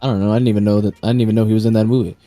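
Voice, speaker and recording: A man's voice: lowish voice, fairly even intonation, very fast, mellow, faint music behind. A man hosting a stream, chatting casually and rambling about comic films with lots of restarts and swearing. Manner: rambling, profane, many restarts. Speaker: stream host. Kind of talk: casual chat.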